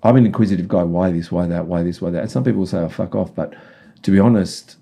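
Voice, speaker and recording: A man's voice: low-pitched, quick pace, vocal fry, dark tone. A man as a podcast guest, telling rambling stories and giving direct advice in a casual chat. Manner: acts out voices in anecdotes.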